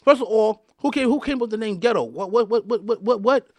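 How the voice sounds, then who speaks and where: A man's voice: high voice, brisk, no echo. A man hosting a podcast, delivering a fired-up rant and often repeating and restarting his words. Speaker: podcast host.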